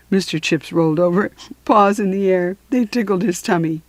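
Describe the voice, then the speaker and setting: A woman reading a children's book aloud, expressive, sometimes dropping to a whisper for suspense. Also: on the low side, moderate pace, no room sound.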